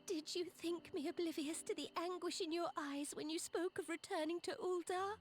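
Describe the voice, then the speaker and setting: A high-voiced young sultana. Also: female voice, steady tone, moderate pace. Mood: hurt. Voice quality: formal, archaic speech. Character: young regal female sultana, earnest and resolute. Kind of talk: video game cutscene acting. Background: game music.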